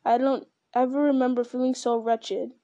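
A woman's voice: high voice, flat delivery, normal speed, dark tone, highs cut off. A woman reading the part of a timid, gloomy young male hobbit in a fretful, muttering way.

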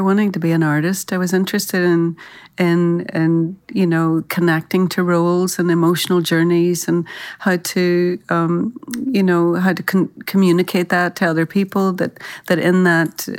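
A woman's voice: lowish voice, darkish tone. An Irish woman, an actress, telling career anecdotes in a thoughtful interview, often restarting her sentences. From Ireland. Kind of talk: reflective interview storytelling.

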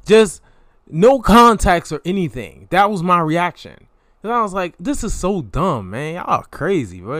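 Young male vlogger, unhurried storyteller, smooth voice, dry close recording, animated swings. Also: no room sound. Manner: animated storytelling with slang and pitch jumps. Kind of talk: casual storytelling monologue.

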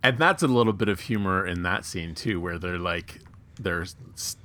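A man co-hosting a podcast in casual chat, loose and quick to laugh. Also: sits low, pushed and bright. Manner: laughs often, loose and conversational. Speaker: podcast co-host.

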